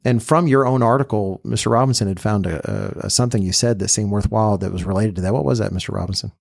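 A man hosts a podcast interview, steering the talk with friendly questions. His voice is fairly low. The recording is dry and close. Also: fast talker, creaky, no room sound. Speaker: podcast host.

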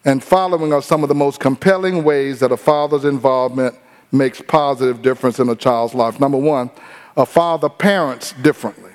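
A man preaching a sermon in a lively, humorous way, acting out other people's voices now and then. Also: mid-range voice, a little fast. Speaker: pastor.

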